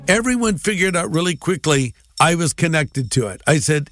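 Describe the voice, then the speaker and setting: A pastor telling his personal testimony in an animated way, acting out the dialogue. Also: fairly high pitch, normal speed, hardly any pauses, over music.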